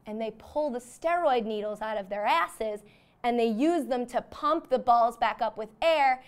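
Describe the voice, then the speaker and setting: A young woman with a slightly high voice spins a comedic monologue as host. She rambles casually, dropping "like" into nearly every phrase. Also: a little slow, clean tone. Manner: rambling, peppered with "like".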